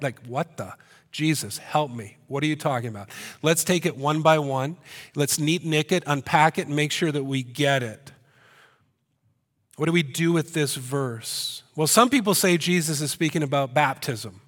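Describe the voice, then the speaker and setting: A man delivering a sermon as a pastor. He speaks in an animated way, mixes in joking asides, and pushes his voice up in pitch and volume to make a point. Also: normal speed. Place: church hall. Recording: long hall reverb.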